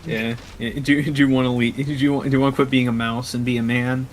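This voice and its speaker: A man's voice: mid-range voice, level tone, quick pace, slight background noise. A man talking casually as a player in a tabletop game, hesitant and stammering. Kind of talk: casual chat.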